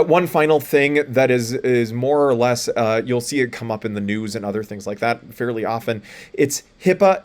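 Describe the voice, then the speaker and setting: A man, a college lecturer giving a recorded lecture, explaining plainly and spelling out letters, with frequent fillers and restarts. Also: medium pitch.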